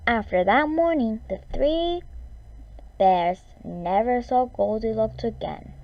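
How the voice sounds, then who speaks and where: Woman reading a bedtime story, slow and lively in pitch, mellow tone, muffled recording. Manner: expressive, drawn-out reading. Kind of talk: storybook read-aloud.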